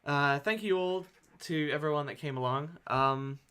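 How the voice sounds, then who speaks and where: A man's voice: fairly high pitch, moderate pace, bright, forceful tone, smooth. A man hosting a game stream and chatting casually with a friend, laughing often. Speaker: streamer host.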